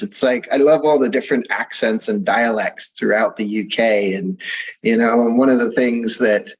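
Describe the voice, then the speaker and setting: Husky, chatty man hosting. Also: medium pitch, dull audio. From England. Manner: chatty and rambling, quick to laugh. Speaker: podcast host. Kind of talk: casual interview chat.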